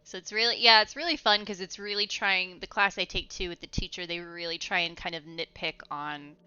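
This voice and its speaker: A young woman streaming from home, chatting casually and rambling while she plays a game, quick to laugh. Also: lowish voice, steady tone, sharp tone, clear, resonant tone, dry recording. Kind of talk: casual gaming stream chat. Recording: slightly muffled, faint music behind.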